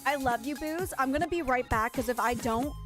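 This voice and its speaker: High-pitched excitable woman. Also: brisk, soft background music. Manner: excitable, gasping, giggly. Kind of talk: live gaming stream chat.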